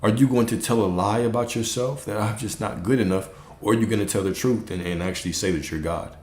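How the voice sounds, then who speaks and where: Here a spiritual coach streams live, his fairly low male voice easygoing and prone to repetition. Rhetorical questions and a brisk "okay?" punctuate his talk, all heard through a roomy echo.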